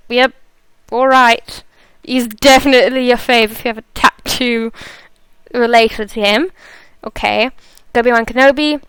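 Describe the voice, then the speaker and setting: A woman's voice: fairly high pitch, a bit bright, clean tone, no room sound. A woman from South Africa hosting a live stream, chatting casually, laughing and reading out viewer comments. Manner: chatty, laughs often, reads chat aloud.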